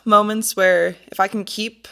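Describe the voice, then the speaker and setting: A woman hosting a podcast who chats casually and laughs at herself. Her voice has a strong gravelly vocal fry, and her pitch is ordinary. She talks in a loose, friendly back-and-forth. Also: steady tone, a little slow, sharp tone. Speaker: podcast host.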